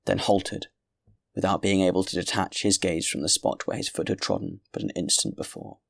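A man narrating a classic novel in a measured, grave reading voice. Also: deep voice, creaky, dry recording, studio quality. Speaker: audiobook narrator. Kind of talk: scripted narration.

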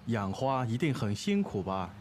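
A woman lowering her voice to read a fussy visitor who finds gardening a bother, in a scripted lesson dialogue. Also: very animated, normal speed, a little mellow, a little hiss or hum. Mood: grumbling.

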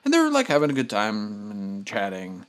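A man telling a casual story on a podcast, rambling with lots of fillers and animated retellings. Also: on the low side, moderate pace. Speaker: podcast host.

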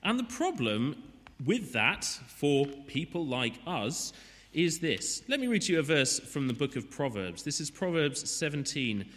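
Male preacher, bright and forceful tone, relaxed joking asides. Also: on the high side, unhurried, big-room sound. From Wales. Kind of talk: sermon.

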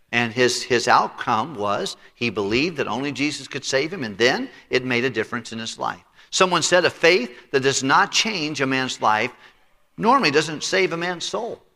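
Preaching pastor with a bright voice. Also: male voice, medium pitch. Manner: preaching with voiced characters and congregational read-alongs. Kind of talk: sermon. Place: church sanctuary. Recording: reverberant church sanctuary.

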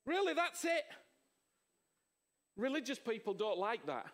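A man preaching a sermon, emphatic, with rhetorical questions, swinging from loud exclamations to hushed words. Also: extremely high pitch, very animated, unhurried.

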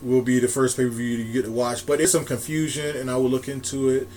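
A man's voice: mid-range voice, flat delivery, fast talker, a little mellow, slight background noise. A man co-hosting a casual wrestling chat podcast, rambling with restarts and frequent laughs. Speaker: podcast co-host.

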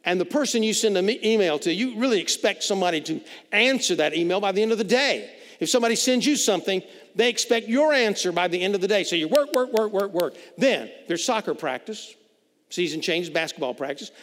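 A man preaches a sermon with a high voice, talking to the congregation conversationally and doubling back on his words as he builds each point. The recording carries a long reverb from a large hall. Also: a bit bright. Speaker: pastor.

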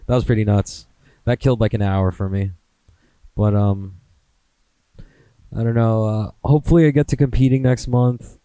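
A man's voice: on the low side, fairly even intonation, moderate pace, pauses often, mellow, clean tone, no echo, poor audio. A young American man hosting a solo podcast, rambling in a profane, self-mocking, casual way. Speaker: podcast host.

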